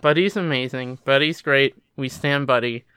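A man with a bright, crisp voice gushes about a film in a relaxed podcast chat. He sounds eager and easily moved, laughing often. The sound is dry and close. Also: medium pitch, moderate pace, no room sound. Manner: enthusiastic, emotional, laughs easily. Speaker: podcast co-host.

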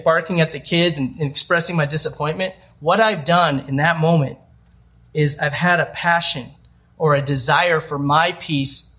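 Young male pastor, relaxed conversational sermon delivery with playful asides, voice sits a little high. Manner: conversational preaching with quick asides and acted-out quotes.

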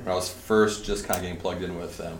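Animated man telling a story, echoey hall. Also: sits low, quick pace, distant mic. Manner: animated, laughing through his story. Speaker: conference speaker. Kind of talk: casual storytelling to a group. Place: large indoor hall at a retreat facility. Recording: echoey hall, faint room noise.

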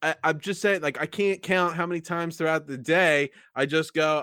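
A man chatting casually, playful and quick to laugh, often bemused. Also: a little high, steady tone, sharp tone, clean tone, no echo, studio quality. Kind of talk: casual chat.

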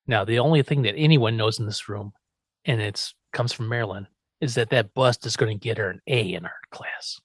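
A man hosting a casual podcast, recapping an episode with laughs and quick character voices. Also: on the low side, breathy edge, no room sound. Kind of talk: casual chat.

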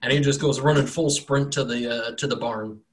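Brief: male game master, mid pitch, rambling casual narration, lots of fillers. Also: fairly even intonation, brisk. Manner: rambling, loose, many fillers and self-corrections.

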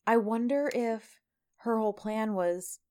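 A woman's voice: a little high, unhurried, dark tone. A woman in casual chat, recapping a TV series in a conversational way and referring back to notes she wrote.

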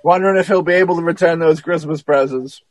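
A man in casual podcast chat, retelling a film plot in a rambling, profane and animated way, with many restarts. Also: a little high, fast talker, a crowd in the background, poor audio.

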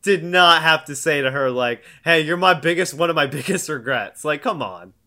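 Young male co-host, brisk recap chatter, tense bright tone, slightly higher voice. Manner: animated, laughing, acts out quotes. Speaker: podcast co-host. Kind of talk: casual recap chat.

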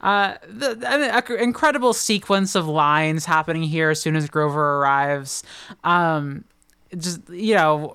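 Dry-humored podcast co-host, smooth voice. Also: mid-range voice, unhurried, a bit bright, no echo. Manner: dry, joking asides. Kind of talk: casual chat.

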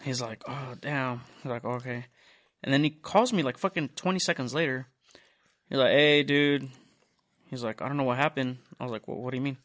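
A man's voice: mid-range voice, animated, brisk, a bit bright. Profane young man telling a rambling story. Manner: rambling, profane, retells dialogue in quotes. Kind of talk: casual storytelling chat. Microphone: studio mic.

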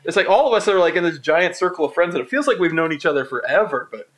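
A man's voice: fairly high pitch, expressive, fast, fairly bright tone. A man on a podcast, rambling reflectively about friends. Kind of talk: casual podcast chat.

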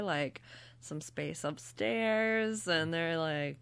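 A woman's voice: lowish voice, extremely slow, a bit bright, clean tone. A woman retelling a story in casual chat with friends, laughing as she goes. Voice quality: laughs often while telling a story. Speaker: podcast co-host.

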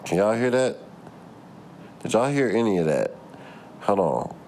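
A man's voice: on the low side, big pitch swings, unhurried, darkish tone, a little hiss or hum. A man in a casual vlog, ranting with plenty of swearing and rambling asides while laughing at himself. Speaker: vlogger. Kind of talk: casual profane rant.

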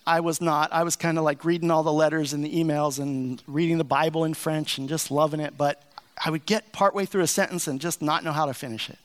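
A middle-aged American pastor tells a story from the pulpit, earnest and folksy, with plenty of fillers. His voice sits fairly high and sounds smooth and clear. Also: fairly even intonation, brisk. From United States. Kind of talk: sermon with personal story.

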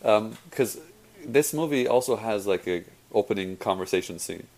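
A man's voice: fairly low pitch, animated, moderate pace, vocal fry, a little mellow, low-quality recording. A man chatting casually about movies, rambling with lots of fillers and restarts. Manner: rambling, many fillers and self-corrections. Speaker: conversation partner. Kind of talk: casual chat about films.

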